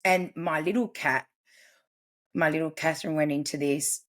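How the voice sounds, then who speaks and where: Woman, 40s, low register; earnest, confiding podcast guest. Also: fairly even intonation, normal speed, fairly bright tone. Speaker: podcast guest, family constellations practitioner. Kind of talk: personal storytelling in conversation.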